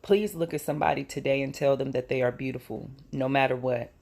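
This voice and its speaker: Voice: mid-range voice, steady tone, brisk, creaky, darkish tone. Earnest commentary host, medium voice. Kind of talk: commentary on news clips.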